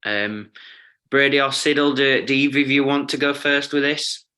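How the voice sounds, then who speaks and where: A man's voice: medium pitch, sharp tone. A man co-hosting a casual podcast, telling jokey made-up stories and laughing along. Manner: slow, jokey storytelling. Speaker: podcast co-host. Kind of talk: casual chat.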